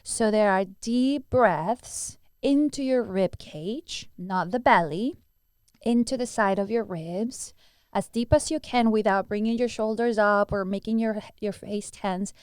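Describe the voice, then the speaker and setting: A woman's voice: medium pitch, measured pace, darkish tone, clear, resonant tone, dry recording, clean studio sound. A woman who teaches breathwork, answering interview questions earnestly and demonstrating breathing sounds as she explains.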